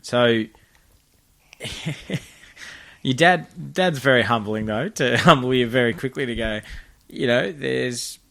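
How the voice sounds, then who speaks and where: A man's voice: medium pitch, slow, vocal fry, pauses often, sharp tone. An Australian man hosting a podcast, easygoing, asking questions and calling his guest mate. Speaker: podcast host. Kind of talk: casual interview.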